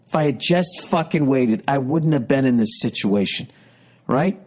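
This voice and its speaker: A man's voice: mid-range voice, expressive, a little slow, husky. A man in his fifties, a podcast host telling a comic story in an exasperated, profane rant. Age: 50s.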